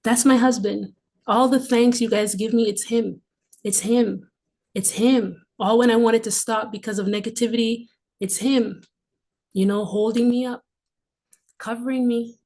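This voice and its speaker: Hosting a livestream, a woman in her forties shares a personal testimony with fervor, repeating phrases for stress and drifting into breathy, emotional asides. Her voice is mellow and fairly high, with fairly even intonation and a measured pace.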